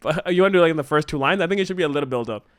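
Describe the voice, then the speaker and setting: A man brainstorming a story in casual chat, excitedly acting out the characters' lines. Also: a little high, very fast, no echo, studio quality. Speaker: co-host writing a musical.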